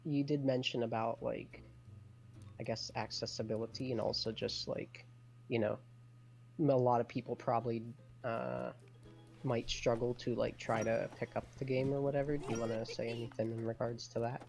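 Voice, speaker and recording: A man co-hosts a gameplay stream in a flat, level delivery, dropping dry jokes and questions. His voice has a gravelly edge, and game music plays clearly behind him. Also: mid-range voice, normal speed. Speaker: co-commentator asking questions. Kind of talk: casual chat on a stream.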